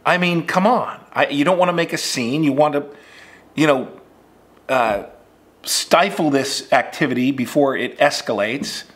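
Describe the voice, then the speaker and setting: A man who is an acting coach, telling an audition story in a relaxed, conversational way with plenty of fillers. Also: fairly high pitch, measured pace. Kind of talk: casual instructional storytelling.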